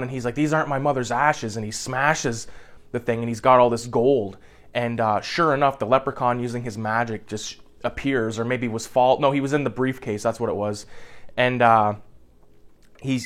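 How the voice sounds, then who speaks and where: A young man casually recapping a movie plot in a rambling way, swearing freely and filling his speech with "like". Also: medium pitch. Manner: rambling, profane, heavy on "like" fillers.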